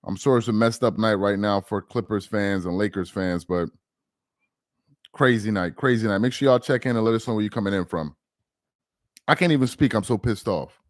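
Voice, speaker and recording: A man's voice: lowish voice, brisk, no echo, studio quality. A man hosting a casual live stream, agitated, repeating himself and muttering while he searches. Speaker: livestream host.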